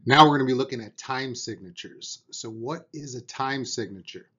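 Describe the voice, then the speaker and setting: A man's voice: mid-range voice, moderate pace, bright, forceful tone, husky, dull audio. A man teaching a beginner drum lesson, patiently explaining and counting out beats aloud, with an encouraging manner.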